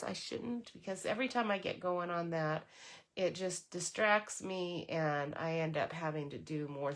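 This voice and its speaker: Chatty woman with a low voice, noisy room. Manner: chatty, rambling, with many ums and self-corrections. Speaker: papercraft demonstrator. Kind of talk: casual craft tutorial.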